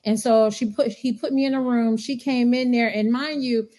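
Woman podcast guest, fairly high voice, lively storyteller who acts out quotes. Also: normal speed. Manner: animated storyteller acting out quotes. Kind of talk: casual chat.

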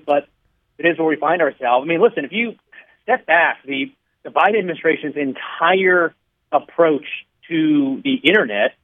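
A man being interviewed on a radio show, laying out his points in a measured, explanatory way and sometimes telling a fable to make them. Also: on the high side. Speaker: radio guest, regulatory commissioner. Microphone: phone line. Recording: tinny phone line.

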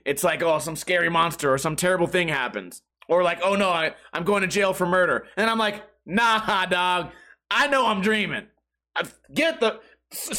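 A young man hosting a podcast, telling profane, animated stories and acting out quotes and noises. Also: sits high. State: sweating. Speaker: podcast host. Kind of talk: casual storytelling monologue.

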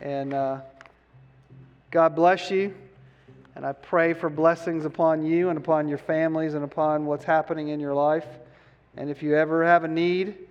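Man preaching, higher voice, call-and-response questions, long hall reverb. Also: normal speed, smooth, highs cut off, soft background music. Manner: asks the listeners questions and has them answer aloud; animated, pitch rising on key words then dropping low and soft. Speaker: pastor. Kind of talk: sermon.

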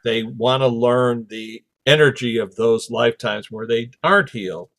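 A podcast host chats casually while telling a story, animated and acting out the voices of the people he quotes. His voice is medium-pitched and moves at a normal speed.

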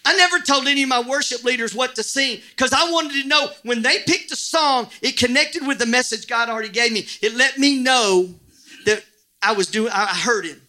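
A middle-aged man preaching a sermon as pastor, animated and joking, now and then shouting. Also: extremely high pitch, fairly quick. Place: church.

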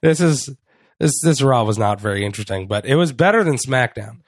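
A man's voice: medium pitch, animated, dry recording. Profane, rambling man recapping wrestling. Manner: profane, rambling, with quick impressions. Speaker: podcast co-host. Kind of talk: casual wrestling recap chat.

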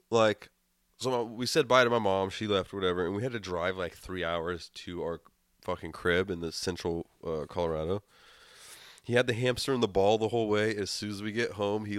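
A man's voice: fairly low pitch, clear, resonant tone, no echo, clean studio sound. A young man co-hosting a casual podcast from a home garage, telling stories in a drawling, heavily profane way. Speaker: podcast co-host.

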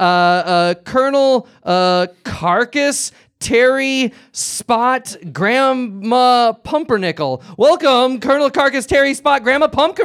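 A man's voice: very high-pitched, a bit bright. A man playing a flustered, earnest talk-show host on stage, stammering and restarting as he patiently coaxes his guest in an improvised comedy. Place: stage before a live audience.

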